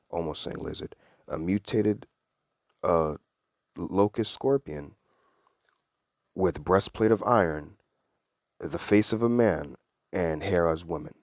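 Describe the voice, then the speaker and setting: Man, deep low voice, casual Bible study teacher, earnest conversational explaining, dry close sound. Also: darkish tone, no echo. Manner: earnest, conversational, reads verses then explains them.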